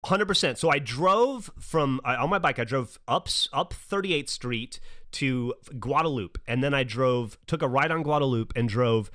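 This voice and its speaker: A man's voice: mid-range voice, moderate pace. A man in his forties, a podcast host, telling a long story in casual, profane chat and acting out the voices of the people in it. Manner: animated, profane storyteller who acts out his daughter's lines.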